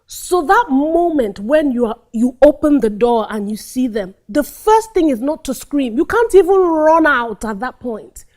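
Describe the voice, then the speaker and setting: A woman acting coach talking through a scene, acting out lines and dropping to hushed tones. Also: sits high, unhurried, few pauses. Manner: animated, acts out scenes, drops to hushed tones. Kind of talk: teaching monologue with acted examples.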